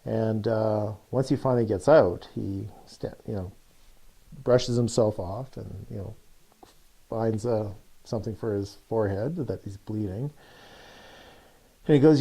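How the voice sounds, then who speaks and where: A man's voice: on the low side, unhurried, vocal fry, pauses often, mellow, slightly rough. A man, a coach, telling a story in a loose, chatty way with many fillers. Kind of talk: casual storytelling.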